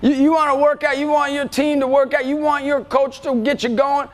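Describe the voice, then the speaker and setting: A male motivational speaker giving an energetic talk to students, often shouting to rally them. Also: very high-pitched, a little fast. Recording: reverberant hall, faint music behind.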